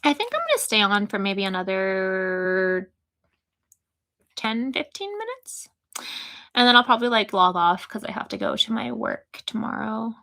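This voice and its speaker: A woman's voice: mid-range voice, sing-song, moderate pace, creaky, bright, forceful tone. A young woman with a Toronto accent, chatting casually on a live stream, reading out her chat and rambling with lots of fillers and little giggles.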